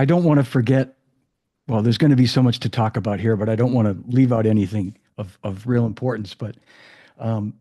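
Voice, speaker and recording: Male podcast host, effusive, chatty, mellow dark tone, medium pitch. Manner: warm, effusive, chatty with fillers. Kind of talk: casual interview chat.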